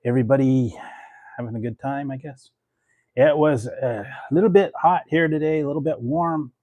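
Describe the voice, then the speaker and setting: A man's voice: mid-range voice, normal speed, darkish tone, no room sound. A man chatting casually to his viewers as a food review vlogger, rambling with lots of fillers and laughing often between phrases. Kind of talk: casual chat to camera.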